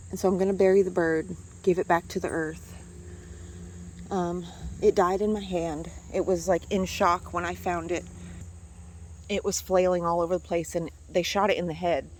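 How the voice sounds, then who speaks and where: A woman's voice: lowish voice, fairly even intonation, normal speed, slight background noise. A woman vlogging about something that upset her, angry and emotional, swearing and repeating herself, outside near her house. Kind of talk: emotional personal vlog.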